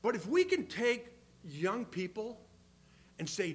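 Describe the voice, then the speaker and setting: An older man preaching a sermon, earnest, swinging between loud emphasis and quiet asides. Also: very high-pitched, measured pace. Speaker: pastor.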